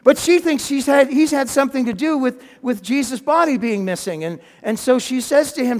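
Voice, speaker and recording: Guy preaching, high voice for a man, tells the story lively with jokey asides, long echo like a hall. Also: moderate pace, few pauses. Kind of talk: sermon storytelling.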